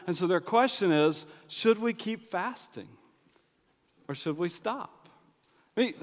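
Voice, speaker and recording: A man preaching a sermon in a loose, conversational way, acting out bits of dialogue. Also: high-pitched. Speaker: pastor. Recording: long hall reverb.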